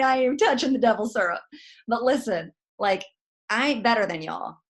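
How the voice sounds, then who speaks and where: A woman, talking in a folksy, direct and animated way as she gives motivational advice. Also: mid-range voice. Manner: folksy, direct, animated, says "y'all" a lot. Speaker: guest network marketing leader. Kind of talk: motivational talk.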